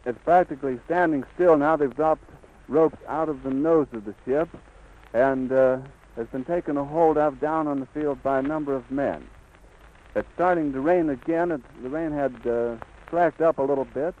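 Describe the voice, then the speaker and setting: A man's voice: fairly high pitch, moderate pace. A man giving a live on-the-scene radio report, with vivid, flowing eyewitness description on a 1930s disc recording. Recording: dull, lightly hissy 1930s disc recording.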